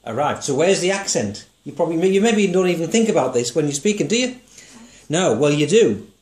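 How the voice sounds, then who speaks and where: A man's voice: fairly high pitch, big pitch swings, brisk, a little mellow. A man teaching songwriting one to one, patient and encouraging, asking guiding questions and singing short notes to show the tune. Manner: sings short notes to demonstrate. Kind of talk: one-to-one music lesson.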